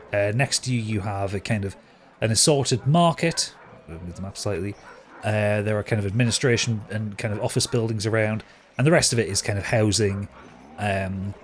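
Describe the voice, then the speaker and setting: A man narrating a tabletop game as game master, rambling with many fillers and hesitations. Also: on the low side.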